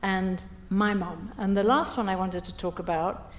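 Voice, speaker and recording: At normal speed and in a mid-range voice, a middle-aged keynote speaker tells comic stories about herself to a breakfast audience. She's lively and dramatizes the quotes, with the echo of the event hall audible.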